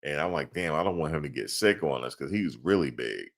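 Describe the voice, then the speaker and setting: A man's voice: rumbling low, lively intonation, fast talker, gravelly. A man co-hosting a sports podcast in casual chat, slangy and laughing often.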